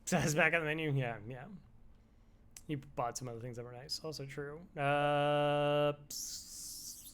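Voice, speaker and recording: A man's voice: a little high, flat delivery, measured pace, a little hiss or hum. A young man streaming a game live, chatting casually with viewers and making wry asides as he plays. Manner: laid-back, wry asides to chat. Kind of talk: casual game commentary with chat.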